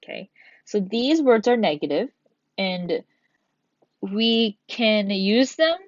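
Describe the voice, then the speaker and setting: A woman's voice: medium pitch, lively intonation, slow pace, no echo. A woman teacher giving a recorded grammar lesson, patiently explaining step by step and reading examples aloud. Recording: dull, dry lo-fi sound.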